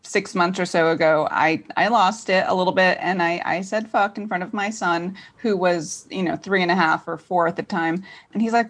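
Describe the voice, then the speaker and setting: A woman's voice: lowish voice, normal speed, few pauses. A woman in her forties, from New Jersey, telling stories as a guest in a casual chat with a wry, dry delivery.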